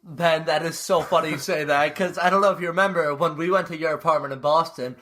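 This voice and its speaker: A young man in his twenties co-hosts a casual podcast, joking and teasing and acting out quotes as he goes. His voice is high-pitched and bright, with a tense edge. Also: steady tone, fast talker, slight background noise. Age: 20s. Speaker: podcast co-host. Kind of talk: casual chat.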